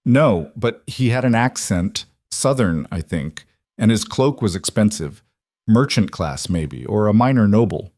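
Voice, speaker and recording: A man voicing a quiet, brave young female servant who speaks meekly and carefully. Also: lowish voice, lively intonation, a little slow, no room sound, clean studio sound. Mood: urgent. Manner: meek and careful.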